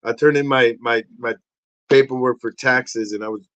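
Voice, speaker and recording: A man's voice: medium pitch, fairly even intonation, normal speed, a bit bright, no echo, dull audio. A man hosting a casual show, rambling and cursing, with frequent stammers. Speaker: host. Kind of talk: casual livestream chat.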